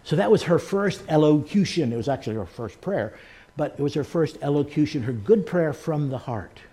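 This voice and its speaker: A man's voice: fairly high pitch, lively intonation, normal speed, mellow. A man preaching a sermon, telling personal stories in an earnest way. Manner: earnest storytelling, acting out the people he quotes. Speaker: pastor.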